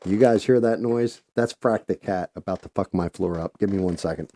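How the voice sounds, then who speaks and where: A man's voice: sits low, moderate pace, few pauses, mellow, a little hiss or hum. A man hosting a casual painting livestream, rambling loosely and swearing freely.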